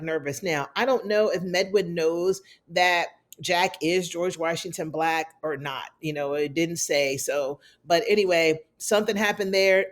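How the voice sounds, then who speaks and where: A woman hosting a casual TV episode recap, chatty and sassy, calling her viewers "y'all". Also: on the low side. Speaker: TV recap host.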